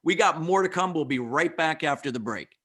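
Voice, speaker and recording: A man's voice: a little high, lively intonation, fairly quick, pushed and bright. A man hosting a radio interview show, enthusiastic and affirming toward his guests.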